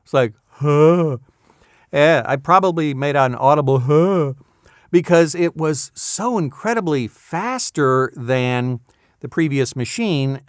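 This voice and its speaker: A man's voice: on the high side, lively intonation, a little slow, no room sound. Voice actor guy rambling about his week, keeps getting sidetracked, super dry close sound. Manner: rambling, easily sidetracked, self-amused. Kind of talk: casual talking-head vlog.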